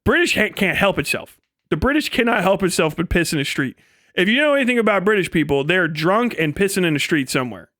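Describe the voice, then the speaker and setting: A man with a fairly high voice, hosting a live stream. He rants in a rambling, profane, mocking comedic style, and breaks into laughs now and then. The recording is dry and close, with no room echo. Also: big pitch swings, fast talker, fairly bright tone. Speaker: livestream host.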